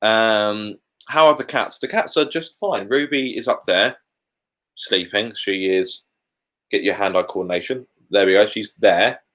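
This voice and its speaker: A man's voice: on the low side, a little slow, a bit bright. A British man hosting a casual live Q&A from home, chatty and candid with colourful asides. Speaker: car YouTuber hosting a live Q&A.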